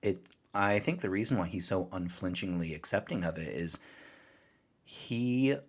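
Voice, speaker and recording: A man co-hosting a podcast, casually recapping a story and acting out the characters' lines in quick quotes. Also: low voice. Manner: retells scenes with quick voiced quotes. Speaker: podcast co-host. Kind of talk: casual chat recapping an anime.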